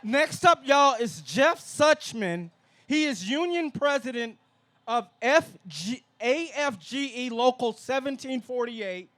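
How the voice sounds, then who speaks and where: A man's voice: very high-pitched, lively intonation, slow pace, a bit bright. A man emceeing an outdoor rally in an easygoing, chatty way, introducing the speakers. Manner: easygoing, chatty, says y'all. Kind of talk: casual stage hosting.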